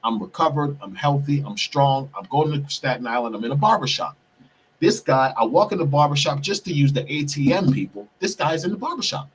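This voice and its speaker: Male podcast host, husky tone, a bit off-mic, profane storyteller who keeps saying "people". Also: on the high side, lively intonation, brisk. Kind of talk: heated storytelling monologue. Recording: distant mic, husky sound.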